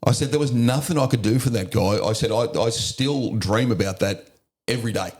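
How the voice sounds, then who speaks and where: A man's voice: mid-range voice, brisk, darkish tone. A middle-aged Australian man, a service veteran, telling war stories in a casual interview, blunt and sweary, often breaking into laughs. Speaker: podcast guest, army, navy and police veteran.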